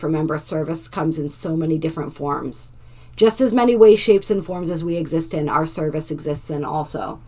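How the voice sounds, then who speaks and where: A woman hosts a spiritual oracle card reading, gently reading the card text aloud and tossing in asides to her viewers. Her voice is low and she talks fairly quickly.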